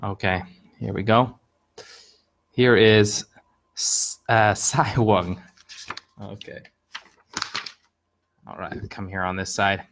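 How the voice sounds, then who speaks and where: A man hosting a casual live stream, telling an old fable in a chatty, upbeat way and pausing to explain words as he points at pictures. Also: on the low side, steady tone, vocal fry, fairly bright tone. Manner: narrates over pictures he points at. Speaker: host telling Chinese fables.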